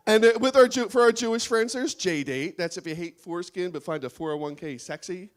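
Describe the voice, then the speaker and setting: A man's voice: high voice, a little fast, few pauses. A man doing a stand-up comedy set on a small studio stage before a live audience, laughing at his own jokes.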